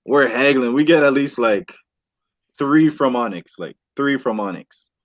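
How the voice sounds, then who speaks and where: A man telling a wild story on a casual podcast with friends, animated and swearing, acting out what people said. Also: mid-range voice, measured pace. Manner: animated, swears a lot, acts out quotes. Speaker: podcast host. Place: indoor podcast room with friends.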